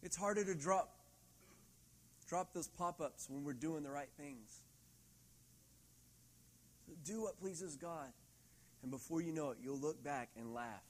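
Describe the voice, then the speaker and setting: A middle-aged man preaching a sermon in a church hall, lively and laughing often, acting out quoted voices. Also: a little high, unhurried, pauses often. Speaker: pastor.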